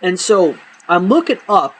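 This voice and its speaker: A man's voice: high voice, measured pace, slight background noise, poor audio. A young man telling comic stories from his own life, swearing a lot and dropping punchlines with a straight face. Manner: profane, exaggerating, deadpan punchlines. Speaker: storyteller. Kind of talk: comedic personal storytelling.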